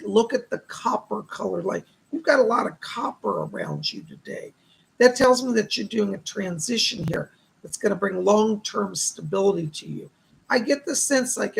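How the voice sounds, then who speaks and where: A man hosting live psychic readings, thanking donors and relaying spirit messages in a slightly hoarse voice. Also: high voice, low-quality recording. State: hoarse, voice going. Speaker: psychic medium host.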